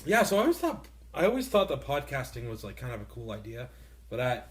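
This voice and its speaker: A man's voice: mid-range voice, wildly swooping pitch, fast talker, a little hiss or hum. A young man hosting a casual podcast on a handheld mic, rambling and laughing often. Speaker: podcast host. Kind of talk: casual chat.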